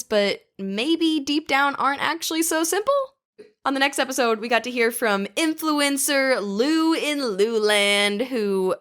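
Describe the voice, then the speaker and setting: Upbeat woman podcast host, fairly high voice. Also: a bit bright. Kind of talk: casual podcast hosting.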